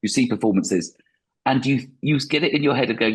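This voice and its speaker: A man's voice: medium pitch, a little fast, husky. A man, a stand-up comedian, talking reflectively in a podcast interview with frequent restarts.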